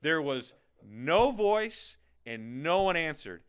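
A man's voice: fairly high pitch, big pitch swings, slow, smooth. A man preaching a sermon in a playful, conversational way, often checking in with "okay?". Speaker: pastor.

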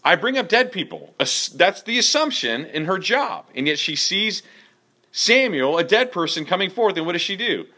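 A man's voice: high voice, sing-song, normal speed, pushed and bright. A man leading a group Bible study in a casual way, reading verses and asking the group questions.

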